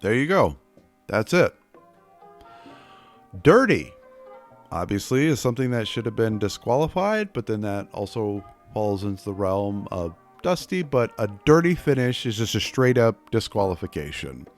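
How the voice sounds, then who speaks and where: A man's voice: fairly low pitch, big pitch swings, moderate pace, faint music behind. A man teaching a casual wrestling class, chatty, with joking asides and voices put on for examples. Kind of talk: casual spoken lesson.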